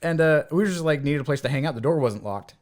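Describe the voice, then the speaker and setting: With a fairly high voice and rapid delivery, a US podcast co-host tells stories with lots of energy. In the casual conversation, he performs the voices of everyone he quotes.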